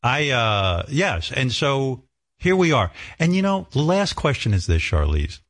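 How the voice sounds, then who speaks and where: A man hosting a comedic interview, teasing his guest with deadpan jokes and slow, deliberate phrasing. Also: mid-range voice. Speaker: talk show host.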